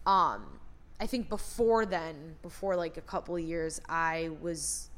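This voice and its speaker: A woman's voice: deep voice, animated, unhurried, fairly bright tone. A young adult woman talking candidly in a casual chat. She swears freely and often acts out her own thoughts.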